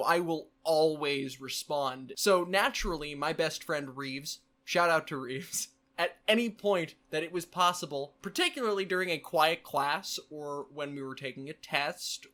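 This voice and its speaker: Bright-voiced young man vlogging. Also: on the high side. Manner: playful, quick asides, mimics sounds; repeats phrases in bursts. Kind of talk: casual vlog monologue.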